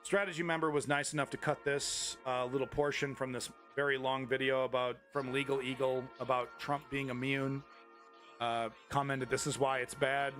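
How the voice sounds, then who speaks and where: A man's voice: medium pitch, flat delivery, normal speed, a bit bright, faint music behind. A man hosting a live news stream, ranting about politics to his chat in a heated, profane, rambling way with many restarts. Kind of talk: angry political commentary to chat.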